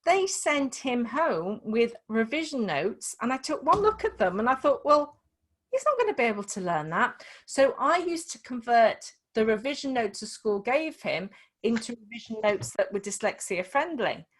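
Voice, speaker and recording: A woman's voice: a little high, sing-song, normal speed. A middle-aged woman with a Scouse accent, coaching a client one to one over a video call. She explains at length in a chatty way and often restarts her sentences. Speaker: dyslexia coach.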